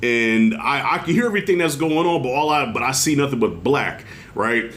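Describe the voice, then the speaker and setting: A middle-aged man talks through a TV show review at a mid pitch, swearing freely and slipping into stories. His delivery is loose and animated, and he often acts out what people said. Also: a little fast, few pauses. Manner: animated, profane storytelling with acted-out quotes. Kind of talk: casual video review commentary.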